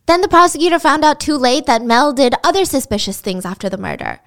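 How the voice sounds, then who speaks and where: A woman's voice: high voice, expressive, fast talker. A woman telling a true crime story in a casual, chatty way, with sarcastic and incredulous asides.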